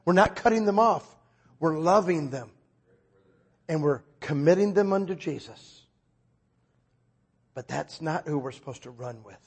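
A man preaching a sermon in a relaxed, conversational way, acting out both sides of his stories. His voice is somewhat husky and sits a bit higher than most men's, and now and then he bursts into a loud, raised delivery. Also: unhurried, long pauses. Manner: conversational, acts out dialogue with sudden loud outbursts.

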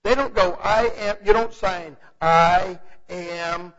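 A man's voice: high voice, normal speed, creaky. A man teaching the Bible in a loose, conversational way, often checking in with "okay?". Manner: animated, asks for agreement with repeated "okay?". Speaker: preacher. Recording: muffled, lo-fi recording.

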